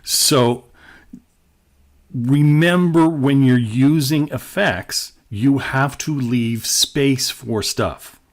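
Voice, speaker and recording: A man's voice: medium pitch, very slow. Man explaining radio production casually. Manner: conversational, plainspoken explaining. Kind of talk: classroom lecture with examples.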